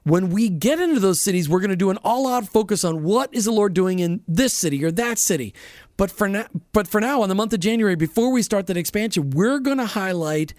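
A man's voice: high-pitched, expressive, fairly quick, darkish tone, dry recording, clean studio sound. A man hosting a faith-based radio talk show, chatting casually and enthusiastically with frequent restarts. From Florida. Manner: enthusiastic, folksy, restarts often.

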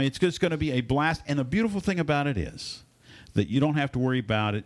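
A man co-hosting a radio show, upbeat and promotional in casual banter. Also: mid-range voice.

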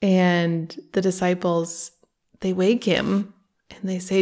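A woman's voice: on the low side, steady tone, slow pace, darkish tone. A woman hosting a faith podcast, speaking earnestly and conversationally and reading quotes from a book aloud. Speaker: podcast host. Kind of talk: reflective faith podcast talk.

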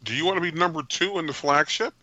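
A man's voice: a little high, quick pace, sharp tone, no room sound. A man co-hosting a podcast, musing and playfully arguing in casual chat. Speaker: podcast co-host.

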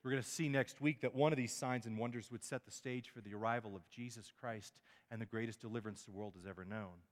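A man's voice: mid-range voice, steady tone, fast talker. A male pastor preaching a sermon, emphatic, with many rhetorical questions and small stumbles on words. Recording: long hall reverb.

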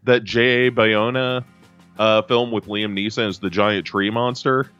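A man's voice: lowish voice, fairly even intonation, a little slow, a bit bright, muffled recording, soft background music. A man chatting casually on a podcast, rambling with lots of fillers. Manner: rambling, full of fillers and restarts. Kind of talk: casual chat.

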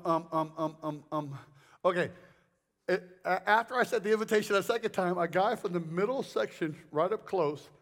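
A male preacher giving a sermon, telling stories in a rambling, animated way full of jokes and asides. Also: sits high.

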